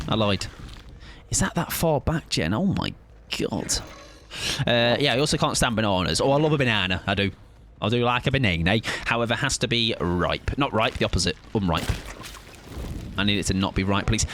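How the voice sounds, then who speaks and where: A man's voice: mid-range voice, background noise. A man in his thirties chatting casually and joking with his audience while streaming a game. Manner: joking, self-mocking banter with chat. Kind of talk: casual chat while gaming.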